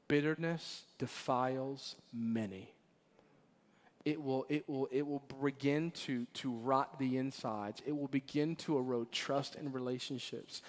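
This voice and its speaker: A pastor in his forties giving a sermon, telling stories with laughter and moving between loud emphasis and quiet, earnest lines. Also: mid-range voice. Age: 40s. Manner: animated storytelling with laughter, swings between loud and hushed. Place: church sanctuary. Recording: long reverb of a church hall.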